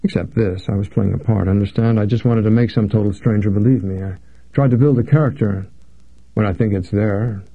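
Audiobook: narrator as a calm, self-assured young actor, low and gravelly, close dry tinny recording. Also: male voice, fairly quick. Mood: self-satisfied. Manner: easy, trained, calm delivery. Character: smooth-talking young man, unemployed actor. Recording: dry, phone-like narrow sound.

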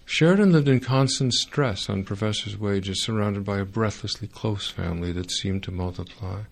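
A man narrating a first-person audiobook in a wry, sardonic way, with dry dark humor. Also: lowish voice, vocal fry.

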